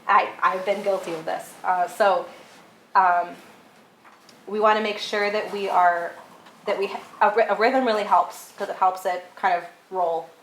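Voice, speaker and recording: A woman's voice: medium pitch, fairly even intonation, unhurried, fairly bright tone. A woman casually coaching church readers, chatty with lots of "um" and "like". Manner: chatty, many "um"s and "like"s, laughs at herself. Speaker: workshop instructor for church readers. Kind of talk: casual teaching talk. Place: church hall. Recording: echoey room with light background noise.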